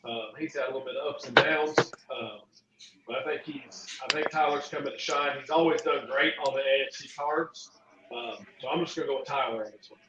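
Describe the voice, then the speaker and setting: A man's voice: mid-range voice, fairly quick. A man on a panel giving his picks in casual chat, hesitant with many fillers. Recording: distant roomy lo-fi with loud crowd.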